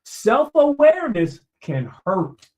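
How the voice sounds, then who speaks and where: A man's voice: extremely high pitch, huge pitch swings, slow, darkish tone. A man giving a motivational talk, preacherly, repeating phrases for emphasis and talking straight to his listeners. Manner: addresses listeners directly, conversational asides. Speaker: motivational speaker.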